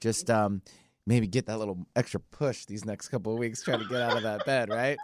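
A man co-hosting a morning radio show, bantering playfully in a relaxed, easygoing way. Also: fairly low pitch, a little fast, noisy background. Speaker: radio co-host. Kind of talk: casual morning radio chat.

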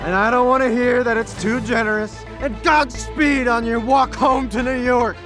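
A brash young cartoon reporter, as a man acts him out, with a very high, yelling, bossy voice. He is self-absorbed and barks orders. Music plays clearly behind him. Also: steady tone, normal speed. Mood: excited. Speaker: field reporter. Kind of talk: cartoon voice acting.

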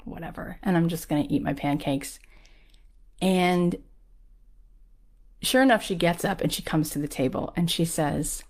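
A woman's voice: lowish voice, a little slow, long pauses. A woman telling a personal story in a casual, chatty way, full of "like" and acted-out quotes of other people. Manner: chatty, peppered with "like"; acts out the people she quotes. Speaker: guest sharing a personal story.

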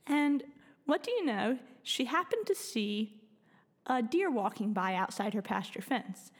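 A woman's voice: a little high, big pitch swings, a little slow, long reverb tail. A woman improvising a playful story, with frequent giggles. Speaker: co-host, storyteller.

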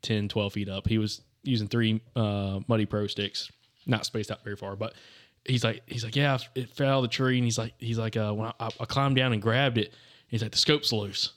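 A man's voice: fairly low pitch, steady tone, brisk, a bit bright. A man telling a hunting story in casual podcast chat, rambling with plenty of fillers. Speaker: podcast co-host.

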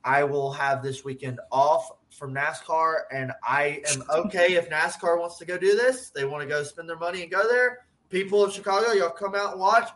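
A man chats on a podcast in a loose, animated way, cursing freely and laughing between points. His voice sits a little high and rings bright and forceful. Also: normal speed, hardly any pauses. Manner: animated, swears a lot, laughs often. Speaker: podcast co-host. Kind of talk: casual profane chat.

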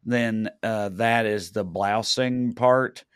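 A man's voice: on the low side, steady tone, slow pace, clean tone, no room sound, studio quality. A man co-hosting a podcast in loose casual chat, rambling and correcting himself with a wry tone. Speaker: podcast co-host.

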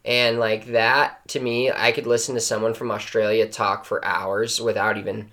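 A man's voice: fairly low pitch, flat delivery, moderate pace, a bit bright. A man co-hosting a casual golf podcast over a video call, enthusiastic and rambling, swearing freely. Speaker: podcast co-host. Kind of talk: casual sports chat.

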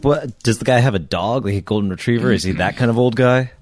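A man's voice: mid-range voice, fast, no echo, studio quality. A man chatting on a podcast, asking blunt questions. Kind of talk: casual chat.

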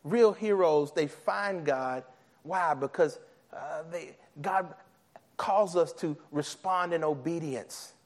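A man preaching a sermon, animated, acting out biblical characters and his own thoughts, with many restarts. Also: a little high, slow. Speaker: pastor.

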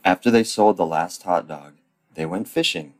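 A man reading a children's storybook aloud as a parody, deadpan and full of crude ad-libs. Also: low-pitched, normal speed. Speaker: comic reader.

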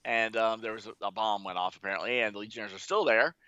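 A man's voice: lowish voice, steady tone, fast, pushed and bright, smooth, no room sound, lo-fi sound. A man co-hosting a podcast who recaps a story in casual chat with wry, jokey asides. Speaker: podcast co-host.

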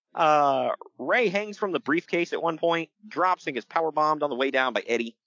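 A man co-hosting a podcast, recapping wrestling matches in casual chat, animated and laughing often. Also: fairly high pitch, moderate pace, no room sound, muffled recording. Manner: animated, laughs often, breaks into loud impressions. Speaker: podcast co-host.

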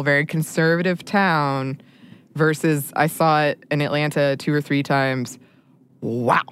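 A woman's voice: low voice, clean tone. A woman co-hosting a podcast, chatting casually and laughing often. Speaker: podcast co-host.

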